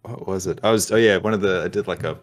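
A man with a very low voice talks fast in a casual video-call chat. He jokes freely and keeps a playful tone. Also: fairly even intonation. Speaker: guest, tutorial creator.

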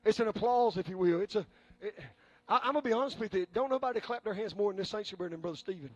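A male preacher delivering a sermon, folksy and joking at times, building up to fervent shouting. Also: high voice, fast talker, dry recording. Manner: folksy, humorous asides.

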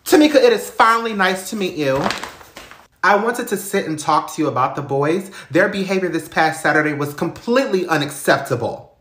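A sugary, condescending stepmother talks down to the kids, as a man acts her out. Her pitch bounces brightly around, and the room is echoey. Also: expressive, brisk. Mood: prim. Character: prim, condescending stepmother, woman.

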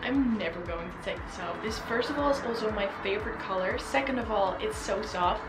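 A woman's voice: mid-range voice, a little fast, over loud music, poor audio. A young woman vlogging casually, gushing and close to tears with emotion. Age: young adult. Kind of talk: casual vlog unboxing.

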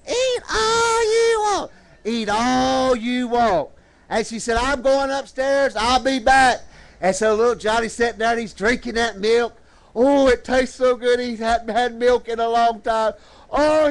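High-voiced preacher man spinning a story in church, calls out to the folks, stretches lines out slow and dramatic. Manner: call-and-response, dramatic swoops into high slow phrases. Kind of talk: storytelling sermon. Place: church service.

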